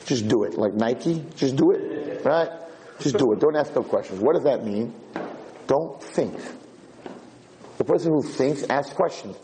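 This is a man delivering a Torah lecture in a mellow, rounded voice. He moves through the story with animated energy, voicing each character's lines and circling back over his own phrases as he goes. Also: medium pitch, measured pace, slight background noise, rough recording. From United States. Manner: animated storytelling with acted-out dialogue; repeats and restarts phrases.

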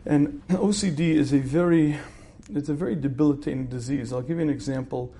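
A man giving a conversational lecture as a religious teacher, using rhetorical questions and often clearing his throat. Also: fairly high pitch, brisk, dark tone.

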